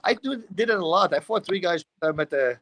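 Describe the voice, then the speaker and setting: A middle-aged man with a Dutch accent, telling animated stories in a casual talk show. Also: sits high, fairly quick, low-quality recording. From Netherlands. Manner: animated storytelling, acts out quotes, laughs often. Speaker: guest. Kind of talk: casual storytelling.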